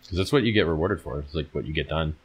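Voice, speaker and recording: A man's voice: very deep voice, fast, husky. A tired man hosting a casual livestream, talking bluntly with plenty of swearing as he reads and answers viewer questions. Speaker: livestream host answering chat.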